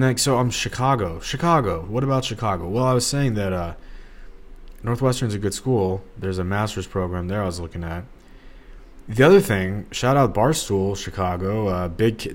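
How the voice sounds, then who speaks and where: A young man from the St. Louis area, talking casually and rambling on a solo podcast, with lots of fillers and restarts. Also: sits low. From Missouri, St. Louis area. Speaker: podcast host.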